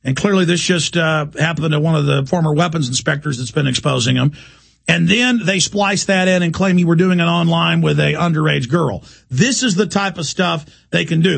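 A man's voice: fairly high pitch, creaky, fairly bright tone. A man hosting a talk show, delivering an urgent, impassioned monologue.

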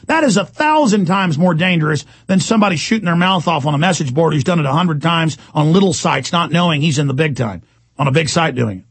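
A man hosting a talk radio show, ranting angrily, repeating himself and shouting. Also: on the high side, animated, brisk, slightly rough, no room sound. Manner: shouting, indignant, repetitive. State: agitated. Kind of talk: angry talk radio rant.

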